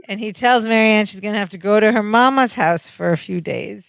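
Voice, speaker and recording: A woman co-hosting a podcast, calmly narrating a sitcom's plot in casual chat. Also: mid-range voice, a little fast, creaky, clear, resonant tone, dry recording. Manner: steady storytelling, plot narration. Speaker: podcast co-host.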